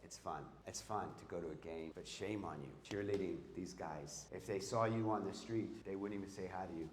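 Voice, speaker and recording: A man's voice: low voice, brisk, a little hiss or hum. A middle-aged man, a motivational speaker giving a live seminar talk, emphatic and throwing questions at his audience. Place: event hall with an audience. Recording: echoey hall with long reverb.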